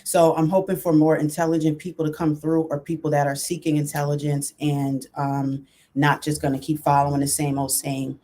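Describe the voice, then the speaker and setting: A woman chats casually with her viewers during a livestream recorded on her computer mic, with many fillers and restarts. She speaks at a normal speed in a low, warm voice with a level tone.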